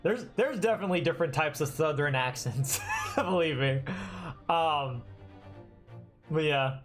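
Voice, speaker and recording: A streamer chats casually over gameplay, thinking aloud in loose, hesitant runs full of restarts. The voice sits at a middling pitch, and faint music plays underneath. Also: lively intonation, a little slow. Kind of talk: casual live-stream commentary while playing a game.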